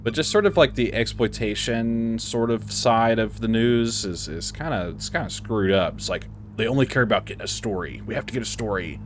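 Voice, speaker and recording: A man's voice: lowish voice, fairly quick, hardly any pauses, slight background noise. Hyper, chatty young man playing a game. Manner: hyper, chatty, mumbling, laughing. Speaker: gaming YouTuber. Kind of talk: casual Let's Play commentary.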